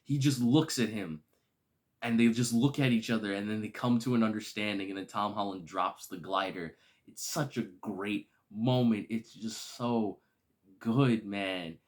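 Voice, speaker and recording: A man casually reviewing a film, excitable and gushing, with slangy, enthusiastic speech. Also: fairly low pitch, unhurried.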